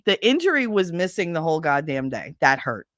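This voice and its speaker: Middle-aged woman host, casual storyteller, low-pitched, dry close sound, animated and profane. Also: a little fast, dry recording. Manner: animated, swearing, acts out voices in retelling.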